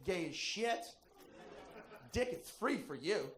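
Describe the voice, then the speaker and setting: A man voicing his friend in a story, a defiant young man who shouts back at a bully. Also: high-pitched, big pitch swings, takes it slowly, roomy sound, heavily acted. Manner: loud, yelling in defiance.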